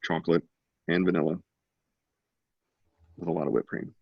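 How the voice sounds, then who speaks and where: A man's voice: deep voice, flat delivery, moderate pace, gravelly, no echo, lo-fi sound. A man hosting an online art class over a video call, giving playful, joking running commentary. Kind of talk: casual live-stream teaching.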